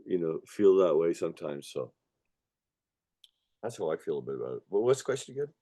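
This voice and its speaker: A man's voice: sits low, big pitch swings, fairly quick, mellow, dry recording. A man born in Ireland and raised in Canada, talking casually as an interview guest, rambling and profane with many restarts. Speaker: musician guest.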